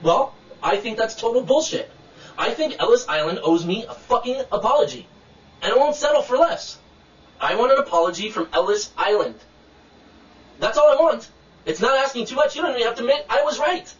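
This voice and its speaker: A man's voice: very high voice, lively intonation, fairly quick, echoey room, recorded from a distance, highs cut off. A man telling a personal grievance to camera in a casual video rant, indignant and blunt, swearing freely. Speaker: vlogger telling a personal complaint.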